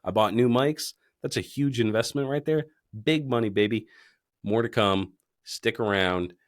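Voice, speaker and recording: A man's voice: medium pitch, moderate pace. A man hosting a casual podcast, joking and swearing freely while drinking beers. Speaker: podcast host. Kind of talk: casual chat.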